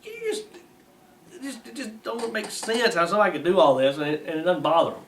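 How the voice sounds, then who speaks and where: A preacher with a fairly high, slightly bright voice reads from a text and delivers blunt, scornful moral commentary, mocking as he goes in plainly folksy grammar. His delivery is expressive and brisk, and the recording is roomy and distant from the mic, with a faint hiss.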